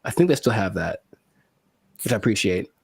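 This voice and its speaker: A man co-hosting a podcast in casual chat, rambling, letting his sentences trail off quietly, then getting worked up. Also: on the low side, expressive, a little fast, gravelly, husky, dry recording. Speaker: podcast co-host.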